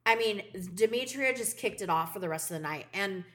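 A woman co-hosting a podcast tells stories in casual chat, swearing freely. She speaks fairly quickly in a medium-pitched voice with lively intonation.

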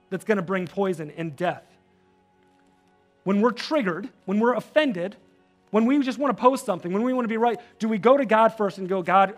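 A man preaching a sermon as pastor, animated, rising loud when fired up and dropping soft for prayers. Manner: drops soft and low for prayers.

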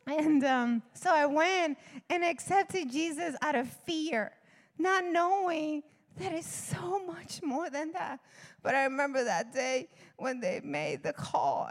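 Woman, missionary, testimony sermon, high voice, long hall reverb. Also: lively intonation, slow. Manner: earnest, laughing often, acts out dialogue. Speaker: missionary speaker.

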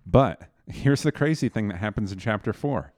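A man with a very low voice retells a Bible story in a casual group chat. His delivery is animated, and he puts scripture into everyday words. The sound is dry and close. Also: normal speed, no room sound. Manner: animated retelling, paraphrasing scripture in plain speech.

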